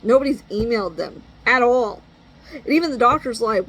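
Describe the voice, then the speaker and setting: A woman's voice: fairly high pitch, animated, normal speed, fairly bright tone, a little hiss or hum, poor audio. Exasperated, blunt-talking woman. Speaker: parent venting. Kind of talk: venting monologue.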